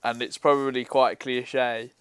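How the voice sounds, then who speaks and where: Smooth-voiced young man, dry sound. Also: mid-range voice, unhurried, dry recording. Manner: relaxed, chatty, laughs often. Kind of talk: casual chat.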